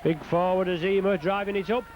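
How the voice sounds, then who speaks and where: A man giving live play-by-play commentary on a rugby league match outdoors, calling out player names in quick bursts and lifting his voice at scoring moments. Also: sits high, steady tone, muffled recording, slight background noise.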